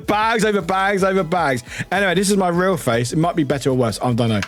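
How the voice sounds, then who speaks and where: A man's voice: high-pitched, quick pace, faint music behind. A man streaming live, chatting casually and greeting viewers in a chaotic, giggly, self-mocking way, swearing casually.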